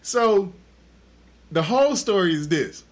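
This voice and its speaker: Dude hosting a podcast, high voice, super swingy, cussing through a story. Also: male voice, slow pace. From Texas. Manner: animated, crude, profane storyteller. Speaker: podcast host. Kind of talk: casual chat, storytelling.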